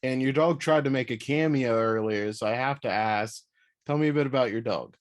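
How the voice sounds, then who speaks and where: A male interviewer who keeps the chat loose and friendly. His voice sits at an ordinary middle pitch. He leans on "like" and "you know" as he shapes his questions. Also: brisk. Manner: chatty and upbeat, with many "like" and "you know" fillers. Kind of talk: casual video interview.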